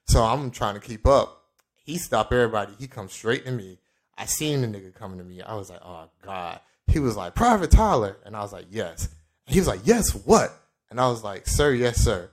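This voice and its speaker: A young man from Florida on a podcast, telling a story in casual chat and acting out the people in it with sudden jumps in his voice. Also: fast. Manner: animated storyteller, acts out quoted lines with big pitch jumps, laughs often. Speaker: podcast co-host.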